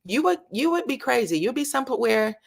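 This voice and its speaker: A woman's voice: a little high, sing-song, a little fast, vocal fry, husky. A woman hosting a casual reality-show commentary, chatting and reading viewer comments aloud. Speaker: commentary channel host.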